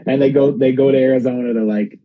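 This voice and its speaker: A man's voice: medium pitch, fairly even intonation, fast talker, narrow, tinny audio, slight background noise. A man hosting a casual podcast, rambling with lots of fillers and the odd swear. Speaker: podcast host. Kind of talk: casual chat.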